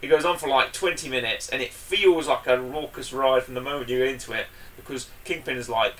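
A man co-hosting a podcast, chatting enthusiastically and rambling, with loud bursts when he gets excited. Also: medium pitch, a little fast, far from the mic, a little hiss or hum. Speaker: podcast co-host. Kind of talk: casual chat.

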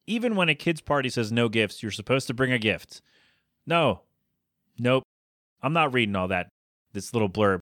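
A man hosting his own podcast, talking casually with plenty of fillers and self-corrections. He rants in exasperation, and his mid-pitched voice climbs when he gets worked up. The sound is dry and close, with no room echo. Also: fairly bright tone. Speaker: podcast host. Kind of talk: casual solo podcast commentary.

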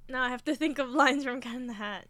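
A woman chatting casually with a friend, laid-back with deadpan replies and frequent laughs. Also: sits high, quick pace, background noise. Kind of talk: casual chat.

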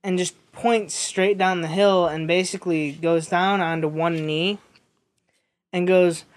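A man's voice: high-pitched, steady tone, a little slow. A young man telling a rambling story in casual chat, with lots of fillers and restarts.

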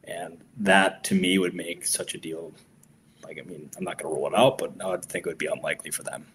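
A man co-hosting a podcast in casual sports chat, relaxed and loose. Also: low voice, fast, slight background noise. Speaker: podcast co-host.

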